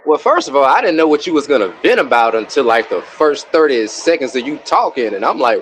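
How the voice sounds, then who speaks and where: A man speaks as a guest on a livestream panel, with a lively voice that rises and falls widely. He argues and lectures, pushing each point back at the host. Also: medium pitch, a little fast, hardly any pauses, a little hiss or hum. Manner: argumentative, lecturing. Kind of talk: livestream debate.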